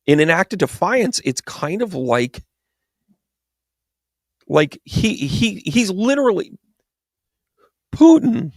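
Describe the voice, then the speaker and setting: Gravelly, rambling male commentator. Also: fairly high pitch, no room sound, clean studio sound. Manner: rambling and exasperated, with sarcastic asides. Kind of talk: political commentary monologue. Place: New York.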